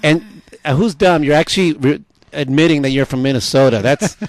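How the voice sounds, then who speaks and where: A man's voice: on the high side, a little fast. A man co-hosting a casual radio talk show, laughing often and restarting his sentences.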